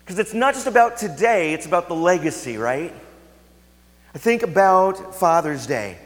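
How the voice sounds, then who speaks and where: A man preaching a sermon as a pastor, telling a family story and dropping to hushed, intimate tones for emphasis. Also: high voice, animated, moderate pace. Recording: long hall reverb.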